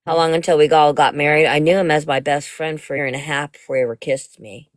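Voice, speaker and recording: A woman's voice: deep voice, fairly even intonation, quick pace, no echo, clean studio sound. A middle-aged woman hosting a casual livestream chat, telling stories frankly with casual swearing. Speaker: livestream host.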